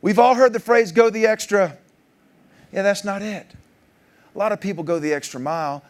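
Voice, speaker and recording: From the stage of a large conference hall, a keynote speaker in his forties tells stories at normal speed. His slightly high voice leaps even higher for punchlines, and his manner is animated, easy, and jokey.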